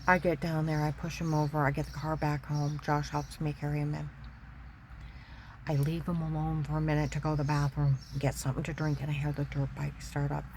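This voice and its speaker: A woman with a deep, low-pitched voice tells her own story in an emotional testimony. She circles back to her main points and repeats them for emphasis. A faint background noise sits under the recording. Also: little pitch movement, brisk, a little mellow. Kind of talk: personal testimony.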